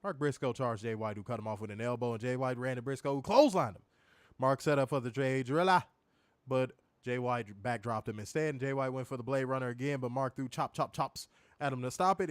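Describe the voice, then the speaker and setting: A man's voice: medium pitch, clean tone, dry recording. Casual male host, crude and laughing, dry close sound. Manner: loose, profane, laughing often. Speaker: wrestling review host. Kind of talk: casual crude show recap.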